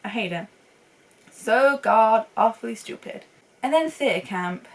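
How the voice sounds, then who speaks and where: A woman's voice: a little high, animated, a little slow, recorded from a distance, low-quality recording. A young woman chatting casually and enthusiastically as a film reviewer, laughing often. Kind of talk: casual chat.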